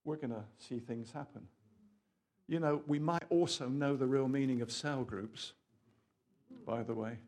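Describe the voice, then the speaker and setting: A man preaching a sermon in an animated, rambling way, full of asides and questions to the audience. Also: medium pitch, a little slow, long pauses.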